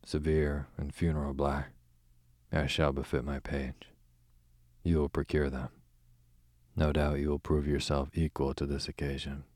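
A man's voice: extremely low pitch, level tone, measured pace, darkish tone, no echo. A man reading as a sardonic, languid duke. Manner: dry, sarcastic drawl.

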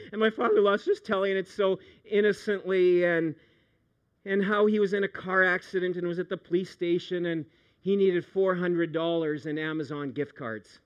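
A middle-aged man, a pastor preaching a sermon, animated, moving from hushed storytelling to loud outbursts. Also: high voice, clean tone, highs cut off.

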